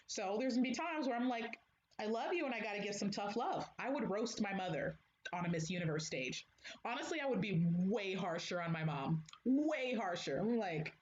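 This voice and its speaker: A young woman talks casually to her viewers, blunt and candid and quick to laugh. Her voice sits in an echoey room at home, the sound a little dull with a faint hiss behind it. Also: medium pitch. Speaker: livestream host.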